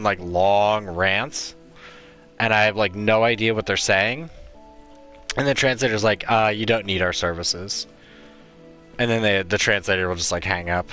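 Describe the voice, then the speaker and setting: A man hosts a let's play and chats away while he plays. His voice sits low with a bright, forceful edge, and his talk rambles from one story to the next. Faint music plays behind him. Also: unhurried, pauses often. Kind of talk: casual gaming commentary.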